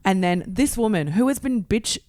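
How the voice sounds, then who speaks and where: A woman's voice: mid-range voice, animated, moderate pace, darkish tone, no echo, clean studio sound. A young woman telling a story in casual chat, swearing freely and acting out the scene as she goes. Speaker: podcast guest.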